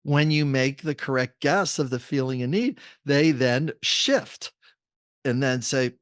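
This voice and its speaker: Middle-aged guy, author guest on a podcast, animated storyteller, mid pitch, dry close mic. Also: unhurried, no room sound. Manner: animated storyteller acting out dialogue.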